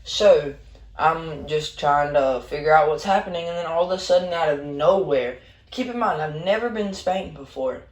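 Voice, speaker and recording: A man narrating a storytime story in a slangy, rambling, animated way. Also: on the high side, normal speed. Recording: roomy echo.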